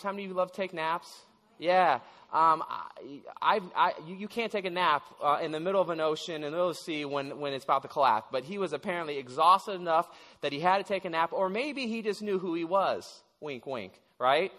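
High-voiced man preaching in an echoey hall. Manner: animated storytelling with stammers and restarts. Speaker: pastor. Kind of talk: sermon.

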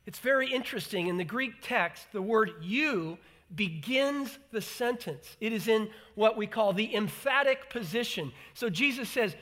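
A man preaching a sermon in an animated way, acting out the voices he quotes and repeating words for emphasis. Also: high-pitched, moderate pace. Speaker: pastor.

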